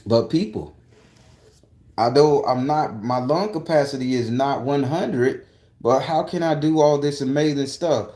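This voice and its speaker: A man vlogging outdoors in a park, telling an excitable, profane, rambling story full of restarts. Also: mid-range voice, unhurried, reverberant. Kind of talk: animated personal storytelling.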